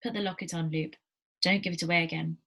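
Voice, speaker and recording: A woman's voice: fairly low pitch, fairly even intonation, quick pace, creaky, fairly bright tone. A woman voicing a tired, grave captured governor speaking to his daughter in a storybook read-aloud. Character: weary captured male governor and father.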